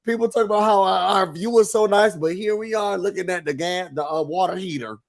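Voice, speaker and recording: High-voiced man, nasal from a cold. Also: a little fast, creaky. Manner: animated, acts out quotes with big shouts. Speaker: podcast co-host. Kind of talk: casual recap chat.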